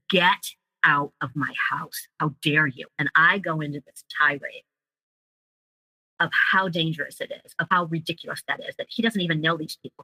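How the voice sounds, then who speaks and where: A woman's voice: lowish voice, pushed and bright, breathy edge, no room sound, low-quality recording. A woman guest telling her own story in an interview, emotional and vivid, acting out the words of others as she recounts them. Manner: emotional storytelling, acts out quoted dialogue. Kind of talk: personal account in an interview.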